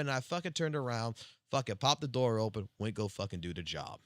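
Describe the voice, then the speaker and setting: Foul-mouthed, bright-voiced male streamer. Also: mid-range voice, brisk, no echo, studio quality. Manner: heavy swearing, animated storytelling. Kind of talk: casual storytelling on a live stream.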